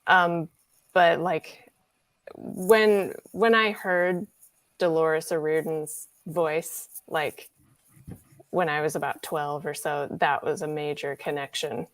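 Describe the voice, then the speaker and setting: A woman's voice: deep voice, fairly even intonation, slow pace, dry recording. A woman from Illinois chatting casually as a guest on a video call, reflective and storytelling, laughing easily. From Illinois, USA. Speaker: guest singer. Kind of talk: casual chat. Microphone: remote video call.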